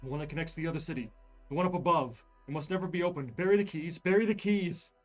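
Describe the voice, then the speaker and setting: A man voicing a deranged, ragged old male explorer who shouts and pleads in a panic. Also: on the high side, fast talker, soft background music, pitched above the performer's own voice, close to an everyday voice. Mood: frantic.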